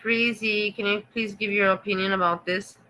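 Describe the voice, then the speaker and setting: Bright-voiced German-accented woman streamer. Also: mid-range voice, steady tone, moderate pace, a little hiss or hum, rough recording. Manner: sarcastic, teasing, talks straight to chat. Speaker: livestream host reading chat. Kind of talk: casual livestream chat.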